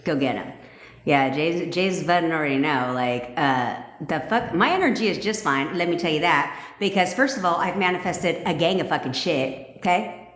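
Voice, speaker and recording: A blunt, foul-mouthed woman chats live with her viewers, excitable and breaking into laughs. Her voice sits low for a woman. The sound bounces around an echoey room. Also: moderate pace. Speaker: manifestation coach hosting a livestream. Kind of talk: casual livestream chat with viewers.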